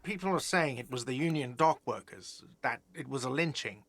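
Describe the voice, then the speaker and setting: A man's voice: medium pitch, animated, moderate pace, fairly bright tone. An actor playing an irritable, sarcastic male hostel manager in a game, talking curtly. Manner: curt and sarcastic. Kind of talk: game voice acting.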